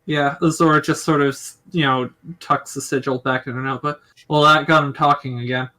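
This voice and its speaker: A man playing in a tabletop game, talking loosely about what his character does. His voice is bright and forceful. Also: fairly high pitch, fairly even intonation, normal speed. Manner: casual, loose. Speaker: player. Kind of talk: casual tabletop play.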